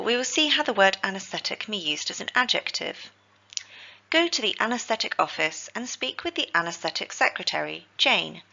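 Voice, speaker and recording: A woman, teaching healthcare vocabulary in a scripted lesson, with slow, careful pronunciation drills. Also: medium pitch, vocal fry, pushed and bright, muffled recording.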